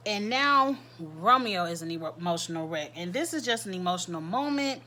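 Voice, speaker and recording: Bright-voiced chatty woman recapping. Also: fairly low pitch, expressive, brisk, hardly any pauses, slight background noise. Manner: chatty, repeats phrases for emphasis. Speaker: reality show recap host. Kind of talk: casual commentary.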